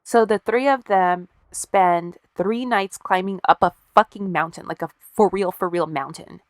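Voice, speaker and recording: A woman's voice: medium pitch, unhurried, no echo, clean studio sound. A woman co-hosting a podcast, casually telling a story with wry, profane asides and acted-out quotes. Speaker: podcast co-host.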